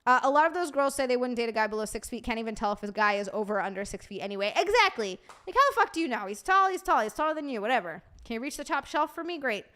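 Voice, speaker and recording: Young woman streamer, casual chat with viewers, swears freely, bubbly, voice sits a bit high. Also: sing-song, rapid-fire, hardly any pauses, bright, forceful tone. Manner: profane, bubbly banter. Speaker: live streamer.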